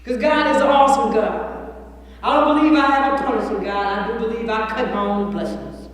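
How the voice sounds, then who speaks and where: A high-voiced woman giving a blunt, earthy recovery testimony, swearing as she goes. She is picked up from far off by a room mic. Her voice rings with a long, hollow echo. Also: fairly quick. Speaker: recovery meeting speaker. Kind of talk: personal testimony talk. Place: large meeting room.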